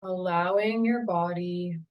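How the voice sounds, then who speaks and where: A woman yoga teacher leading a guided meditation in a slow, calm, soothing way. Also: lowish voice, highs cut off. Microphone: camera mic, seated on a chair.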